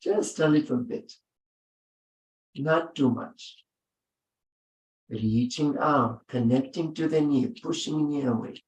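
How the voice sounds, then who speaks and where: A man leading a yoga class, giving gentle, unhurried spoken cues with long pauses between them. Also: fairly high pitch, far from the mic. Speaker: yoga instructor. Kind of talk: guided yoga instruction. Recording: roomy sound from off-mic.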